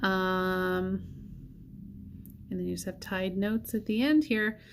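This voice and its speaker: Woman sax teacher, unhurried, counts beats aloud, middle pitch. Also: fairly even intonation, a little hiss or hum. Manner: counts and scats rhythms aloud; thinks aloud. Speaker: saxophone teacher. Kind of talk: music lesson walkthrough.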